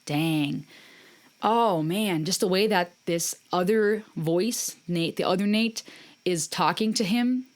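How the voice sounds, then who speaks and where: A woman's voice: on the low side, takes it slowly. A woman hosting a music reaction video, talking casually and earnestly, with encouraging, faith-based remarks to her viewers.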